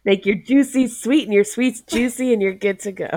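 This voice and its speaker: A woman's voice: a little high, moderate pace, mellow. A woman co-hosting a casual chat, giggly and playful. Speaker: podcast co-host.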